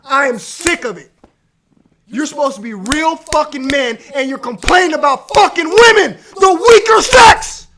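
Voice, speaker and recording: A man with a very high voice rants on a live stream from his man cave, cursing and shouting. His voice is hoarse and worn from the yelling. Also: animated, normal speed. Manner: aggressive profane shouting rant.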